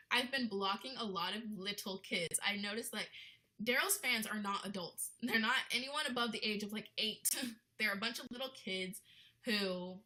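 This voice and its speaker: A woman's voice: mid-range voice, pushed and bright, poor audio. A young woman ranting in a casual vlog, blunt and indignant, with lots of "like" in her talk. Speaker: vlogger.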